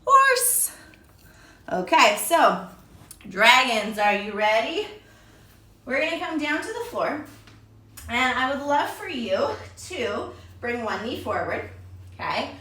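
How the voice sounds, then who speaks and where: A woman's voice: fairly high pitch, expressive, takes it slowly, long pauses, a bit bright. A woman leading a children's yoga class, upbeat and encouraging, calling the kids her friends. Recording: very echoey room, voice from far off.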